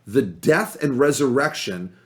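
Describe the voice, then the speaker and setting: A man's voice: medium pitch, expressive, a little slow, a crowd in the background. A man on a podcast making his points in an emphatic, lecturing way. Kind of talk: casual chat.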